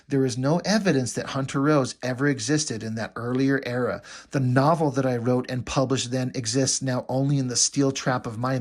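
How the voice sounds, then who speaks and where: A man's voice: mid-range voice, lightly acted. Guy reading a flowery villain dude from a comic, plain middle voice. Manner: formal, flowery speech read aloud. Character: grandiloquent male masked villain assassin. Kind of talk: reading comic dialogue aloud.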